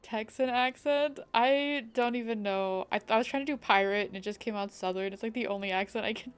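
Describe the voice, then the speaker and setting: A woman's voice: a little high, brisk, hardly any pauses, smooth, faint music behind. A young woman chatting casually while streaming a game, thinking aloud and greeting viewers. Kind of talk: casual live-stream chat.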